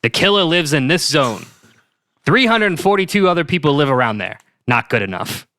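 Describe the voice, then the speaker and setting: A man voicing an obsessive FBI profiler with a put-on Boston accent, blurting out excited deductions. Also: on the high side, moderate pace, no room sound, clean studio sound. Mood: manic.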